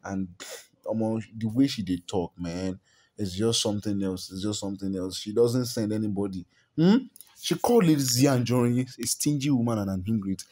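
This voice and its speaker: A man's voice: lowish voice, normal speed, warm tone. Chatty Nigerian man dishing gossip. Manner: repeats words and stumbles, chuckles often. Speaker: celebrity gossip vlogger. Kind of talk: chatty celebrity gossip commentary.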